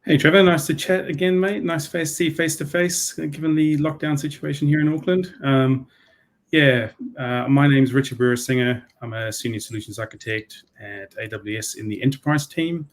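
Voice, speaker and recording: A man's voice: a little high, steady tone, moderate pace. A man from New Zealand, a guest in a casual tech chat, talking in an easygoing way with fillers. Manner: easygoing, laughs easily, many fillers. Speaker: guest, solutions architect.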